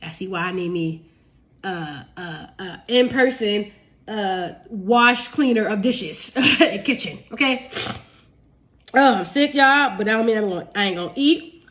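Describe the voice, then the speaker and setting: A woman's voice: medium pitch, animated, unhurried, a bit bright. A woman with a cold, sniffling as she cooks live and chats casually with her viewers, laughing easily. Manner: chatty, addresses viewers as y'all, laughs easily. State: sick and sniffly. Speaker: home cook and cookbook author. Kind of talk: casual live cooking stream.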